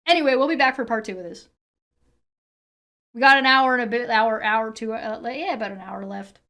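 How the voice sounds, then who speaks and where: A woman's voice: on the high side, a little fast, sharp tone. A woman streamer giving a heated, profanity-heavy reaction rant. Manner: swears constantly, heated and ranting. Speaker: streamer reacting to a debate video.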